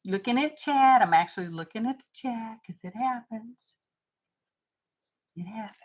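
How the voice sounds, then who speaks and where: A woman's voice: fairly high pitch, normal speed, darkish tone. A woman hosting a craft livestream, chatting casually and thinking aloud with folksy asides.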